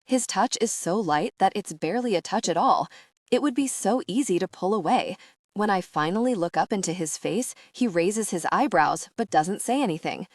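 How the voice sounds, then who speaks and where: A woman reading a first-person audiobook in a soft, measured, intimate manner, recorded close on a studio mic. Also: mid-range voice, expressive, no room sound. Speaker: audiobook narrator.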